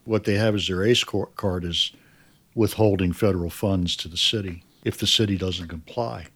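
A man who helped make a crime series, answering interview questions in a measured, explanatory way that often trails off quietly. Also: low-pitched, steady tone, slightly rough.

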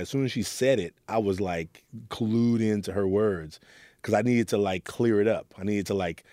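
A man's voice: lowish voice, moderate pace, a little mellow, no echo, clean studio sound. A man from Oakland who leads a youth program, earnestly telling stories from his past and acting out what people said. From Oakland, California. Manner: earnest, storytelling, acts out quotes. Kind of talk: reflective interview talk.

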